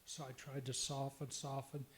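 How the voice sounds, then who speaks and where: A man's voice: medium pitch, level tone, normal speed. An older man, a longtime pastor, telling marriage stories earnestly and with self-deprecating humor. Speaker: retired pastor, panel guest.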